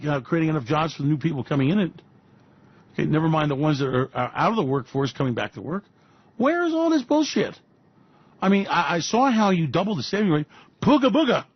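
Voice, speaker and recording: Sarcastic ranting man with husky voice. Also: sits high, no echo, muffled recording. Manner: sarcastic, mocking, profane, repeats "Really?". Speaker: financial commentary host. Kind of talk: ranting political-economic commentary.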